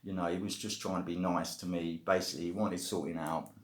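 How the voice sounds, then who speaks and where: A man's voice: low-pitched, flat delivery, a little fast, roomy sound. A middle-aged British man casually telling a story to camera, rambling with lots of "you know" and "basically". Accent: British English. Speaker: vlogger telling prison stories.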